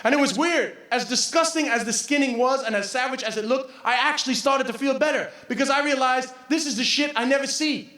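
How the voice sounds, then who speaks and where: A man in his forties doing stand-up, telling a story in an animated way, laughing and swearing as he goes. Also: very high voice, fairly quick, hardly any pauses. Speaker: stand-up comedian. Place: comedy venue stage. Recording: roomy live venue from a distance.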